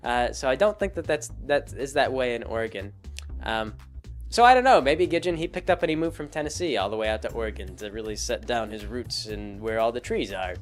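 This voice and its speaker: A man's voice: medium pitch, expressive, fairly quick, faint music behind. A man hosting a casual spoken commentary, rambling along with many fillers and restarts. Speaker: host.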